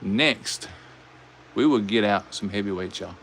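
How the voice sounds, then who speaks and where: A man's voice: on the low side, creaky, a bit bright, slight background noise. A man with a Southern US accent, hosting a live toy car race and giving casual, folksy commentary. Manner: folksy, drawn-out, says "y'all". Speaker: host racing toy cars.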